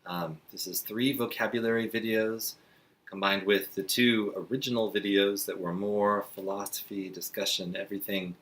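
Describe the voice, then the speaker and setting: Low-voiced man teaching sign language. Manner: relaxed, chatty, with frequent fillers and slow demonstrating passages. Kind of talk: friendly instructional talk to parents.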